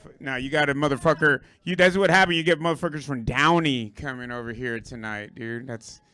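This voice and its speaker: Hoarse, profane stand-up comedian. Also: male voice, medium pitch, brisk, sharp tone, no echo. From Puerto Rico. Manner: profane, rambling, riffing with the crowd. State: hoarse, lost his voice. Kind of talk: stand-up set. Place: comedy club stage.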